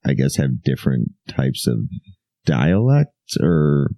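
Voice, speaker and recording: Young dude cohosting a podcast, super low rumbly voice, laughs a lot and swears, dry close mic. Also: male voice, very animated, takes it slowly, dark tone, no echo. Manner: loose and rambling, laughs often, swears. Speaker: podcast co-host. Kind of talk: casual podcast chat.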